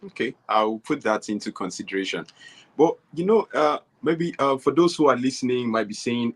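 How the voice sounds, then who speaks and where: Man, interviewer, middle pitch, hesitant, searching for words. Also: lively intonation, moderate pace, breathy edge. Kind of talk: conversational interview.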